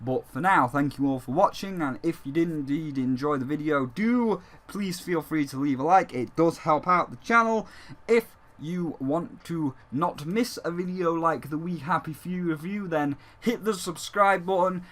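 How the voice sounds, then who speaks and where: Bright-voiced gaming vlogger. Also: male voice, fairly high pitch, moderate pace. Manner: rambling, joking, swears freely; speaks as a dragon persona. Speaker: gaming channel host. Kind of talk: casual gaming vlog commentary.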